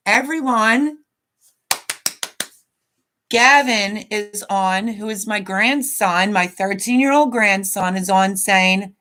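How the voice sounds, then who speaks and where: A woman's voice: mid-range voice, slow pace, bright, forceful tone. A woman in her fifties hosting a casual live stream, chatting in a rambling way and reading viewer comments aloud.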